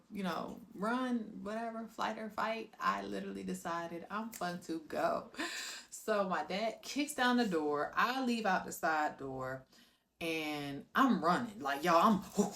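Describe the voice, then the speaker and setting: A woman from South Florida telling her own life story, animated and direct with viewers, acting out scenes with sound effects. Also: mid-range voice, slow, creaky. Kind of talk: personal storytelling to camera.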